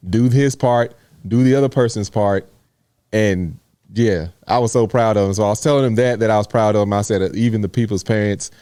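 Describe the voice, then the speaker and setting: Low mellow dude chatting about his kid, lots of slang, dry close sound. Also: clear, resonant tone, no echo. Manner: animated storyteller, heavy on slang. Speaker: parent. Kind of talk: casual chat.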